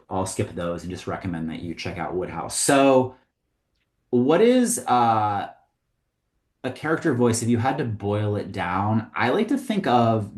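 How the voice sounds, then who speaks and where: A man teaching comedy writing in a casual, conversational way, often pausing with "um" and "like". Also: on the low side. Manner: conversational, with frequent ums and likes. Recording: roomy echo.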